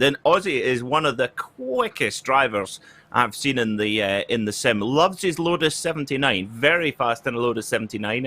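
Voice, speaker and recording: A male co-commentator on a live race stream speaks in a bright, forward voice. He is playful and jokey as he reads out donations. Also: mid-range voice.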